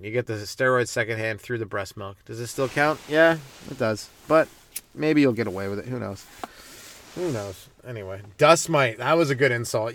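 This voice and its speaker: A man's voice: mid-range voice, fairly bright tone, no echo. A young Canadian man hosting a comedy podcast, telling a rambling, profane story with a casual, joking delivery. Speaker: podcast host, stand-up comic.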